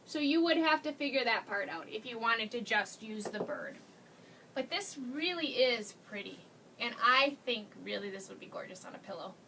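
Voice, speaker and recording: A woman's voice: fairly high pitch, lively intonation, normal speed, bright, forceful tone, distant mic, slight background noise. A woman hosting a casual live craft demo, chatty and gushing, laughing often as she talks to viewers. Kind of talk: casual live-stream chat.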